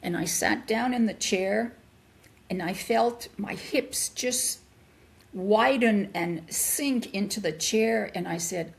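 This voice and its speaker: An older woman, a guest in an interview, telling a personal story in an animated way and acting out the voices she quotes. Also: mid-range voice, slow pace, vocal fry.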